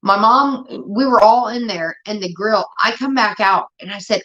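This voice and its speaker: A woman's voice: medium pitch, moderate pace. Profane woman ranting, lo-fi sound. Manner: profane, rambling, animated when retelling. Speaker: show host. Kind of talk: casual storytelling rant. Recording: dull lo-fi stream audio.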